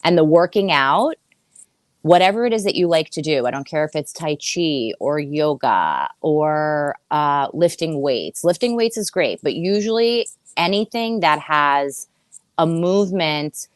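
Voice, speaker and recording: A woman therapist speaks as a podcast guest in a notably low voice. She explains earnestly in a steady teaching flow, often restarting phrases and asking rhetorical questions. The recording is close and dry. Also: a little slow, no echo.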